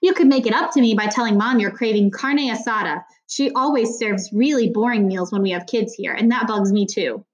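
A woman reading a sharp-tongued teenage girl's lines in an audiobook, loud and challenging. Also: medium pitch, a little fast, few pauses, natural voice. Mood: earnest.

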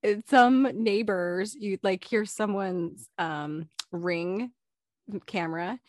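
A woman's voice: mid-range voice, takes it slowly, no echo, clean studio sound. A young woman co-hosting a casual podcast, reading listener stories and acting out quotes with lots of laughter. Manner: giggly, animated storyteller acting out quotes. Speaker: podcast co-host.

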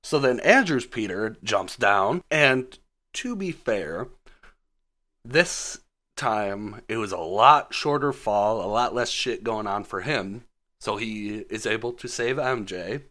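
A man's voice: on the low side, animated, slow pace, sharp tone. A man casually recapping a film on his podcast, laid-back and full of swearing. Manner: profane, laid-back storytelling. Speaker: podcast host.

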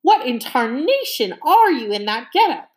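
A woman voicing a gruff, bellowing older male sea captain in an audiobook reading. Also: sits high, sing-song, normal speed, pitched above the performer's own voice. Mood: blustering. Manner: loud, blustering, barking orders.

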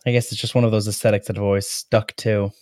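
A man's voice: on the low side, little pitch movement, quick pace, darkish tone, no echo, clean studio sound. A man chatting casually on a podcast, explaining his ideas at length.

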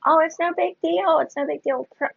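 A laid-back young male gym front-desk worker, played by a woman, brushing things off in a rapid, reassuring patter. The sound is dry, with no room around it. The recording is dull and lo-fi. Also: very high voice, creaky, no echo, voice pushed up.

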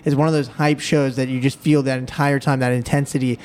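A man hosting a podcast interview, asking questions haltingly with frequent restarts. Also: mid-range voice, little pitch movement, darkish tone, slight background noise. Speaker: podcast host.

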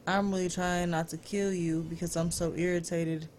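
A woman's voice: lowish voice, level tone, moderate pace, darkish tone, a little hiss or hum. Laid-back, frank woman co-host. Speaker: podcast co-host. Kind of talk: casual chat.

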